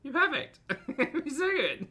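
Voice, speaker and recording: Young man with a bright voice and a lively, swooping pitch, talking fast and casually as he reacts and jokes. He is sarcastic and laughs often. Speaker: commentary channel host.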